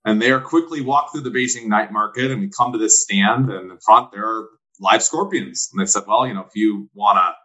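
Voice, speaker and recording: A middle-aged man in relaxed conversation, earnest and reflective as he speaks. His voice sits on the low side for a man and has a bright, forceful edge. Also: moderate pace, low-quality recording. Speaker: guest. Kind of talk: casual chat.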